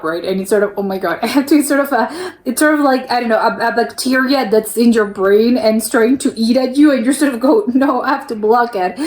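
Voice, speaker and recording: A woman's voice: fairly high pitch, a little mellow. A young American woman hosting a casual reaction video, chatty, restarting her sentences often and laughing as she talks. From United States. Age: young adult. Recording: roomy echo.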